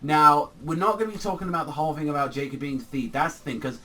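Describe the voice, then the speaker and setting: A man's voice: fairly high pitch, fast, bright, forceful tone, distant mic. Profane rambling guy reviewing manga. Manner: rambling and profane, heavy filler "like". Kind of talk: casual chapter review.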